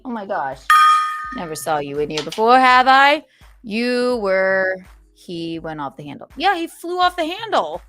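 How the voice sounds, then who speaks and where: A sarcastic woman hosts a casual livestream, reading super chats and riffing on them with plenty of swearing. Her voice sits at a middling pitch for a woman, and she swings from loud, mock-dramatic outbursts to low, muttered asides. Faint music plays behind her. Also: very animated, unhurried. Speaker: streamer and podcast host.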